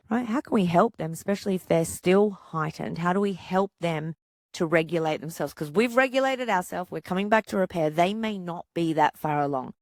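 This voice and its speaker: A woman psychologist hosting a podcast, calmly coaching parents and asking rhetorical questions. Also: lowish voice, fairly quick, dry recording, clean studio sound. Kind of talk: podcast monologue giving parenting advice.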